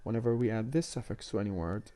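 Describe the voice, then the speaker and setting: A man lecturing university students on English word stress, speaking in a measured, explanatory way with frequent hesitations. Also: lowish voice, mellow, no echo. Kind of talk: recorded online lecture.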